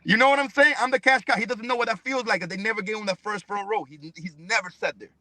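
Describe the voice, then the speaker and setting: A man's voice: sits high, fairly even intonation, fast talker, bright, forceful tone, no echo. A man, a professional fighter guest on a podcast, talking heatedly in a blunt, profane, emphatic way. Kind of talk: heated interview talk.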